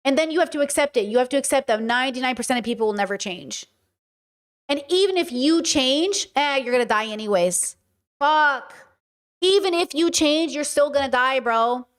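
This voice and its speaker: A young adult woman talks in a casual, passionate monologue, with a voice pitched a little high. She is emphatic and circles back to repeat her points as a podcast host. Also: animated, normal speed, smooth.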